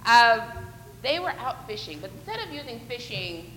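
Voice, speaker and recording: A woman with a high, bright voice leads children through a playful, acted-out Bible lesson. She coaxes them along with questions and pretend actions. Her voice rings around a large church sanctuary with a long, echoing reverb. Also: big pitch swings, normal speed, slight background noise. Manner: playful, coaxing, acts out fishing with the children. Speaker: children's sermon leader. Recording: echoey hall with long reverb.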